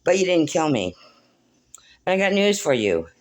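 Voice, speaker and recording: A woman's voice: low voice, big pitch swings, moderate pace. Rambling emotional older woman vlogger. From Portland, Oregon. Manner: emotional, preachy, swings between soft and loud; talks baby-talk to her dog. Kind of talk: rambling spiritual monologue to camera. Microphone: phone.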